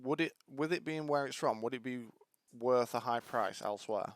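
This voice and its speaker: Player, man, mid-pitched, casual and playful in character. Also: normal speed. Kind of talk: playing a tabletop game.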